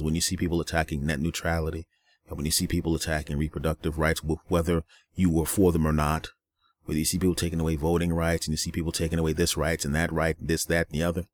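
A man's voice: low voice, a little mellow, dry recording. A man hosting a solo podcast, ranting in a weary, angry way, with a lot of profanity and repetition. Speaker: podcast host.

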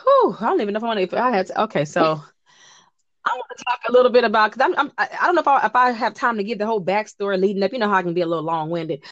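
A woman co-hosting a casual chat show, talking in animated bursts with frequent restarts. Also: medium pitch, no room sound, muffled recording. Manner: animated, chatty, quick bursts with many restarts. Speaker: podcast co-host.

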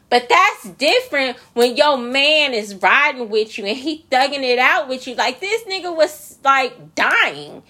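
A high-voiced woman hosts a solo podcast rant, her pitch swinging widely between lines. She talks with profane, incredulous emphasis and keeps hammering the same points. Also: big pitch swings, measured pace, hardly any pauses, bright, forceful tone. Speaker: podcast host.

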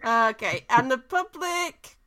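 A woman's voice: high-pitched, expressive, slow pace, pushed and bright. A woman hosting a casual song review chat, cheerful and giggly as she leads the scoring. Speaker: host.

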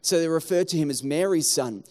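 Male pastor, higher voice, animated sermon delivery. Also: fairly quick. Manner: animated preaching, acts out townspeople in quotes.

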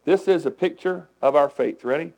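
A man preaching a sermon as pastor, conversational and animated, asking the congregation questions. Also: fairly high pitch, normal speed, vocal fry, rough recording.

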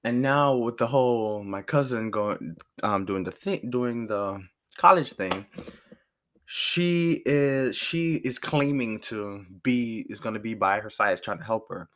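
A man's voice: lowish voice, unhurried, fairly bright tone. A young man telling a story in a casual rant, annoyed and swearing, acting out both sides of an argument. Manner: annoyed, swearing, retells arguments with quoted lines.

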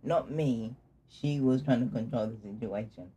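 A young man recounts his own story in a loose, candid way, even pitch and steady delivery. He laughs easily through dark memories. A faint hiss of noise sits behind him. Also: moderate pace. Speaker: guest telling his story. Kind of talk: casual personal storytelling.

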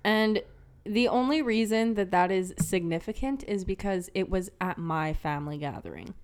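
A young woman co-hosting a casual podcast, her voice sitting at an ordinary middle pitch. She tells her stories with animation, swears freely and breaks into laughter often. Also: normal speed, darkish tone. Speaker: podcast co-host. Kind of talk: casual chat.

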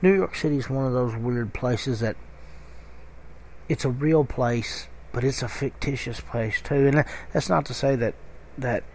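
A man's voice: medium pitch, a little slow, a little mellow, a little hiss or hum. A middle-aged man with a Kentucky accent, telling a rambling story in a casual podcast monologue. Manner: rambling, conversational, with many fillers and restarts. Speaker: podcast host.

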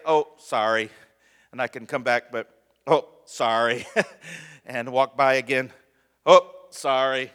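A man's voice: fairly high pitch, pushed and bright. Preacher man in a reverberant church hall. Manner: conversational preaching, calls for amens, chuckles often. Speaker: pastor. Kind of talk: sermon. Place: church sanctuary.

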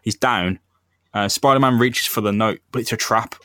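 A man's voice: fairly low pitch, moderate pace, pushed and bright, dry recording. Laid-back man, dry sound. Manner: laid-back, slangy, slips into silly voices. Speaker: podcast co-host. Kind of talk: casual comic-book chat.

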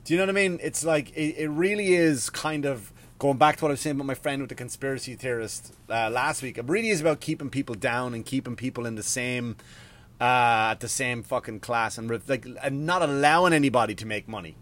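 A man, maybe, hosting a podcast in a profane, rambling, animated rant. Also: mid-range voice, a little fast. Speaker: podcast host. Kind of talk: casual ranting monologue.

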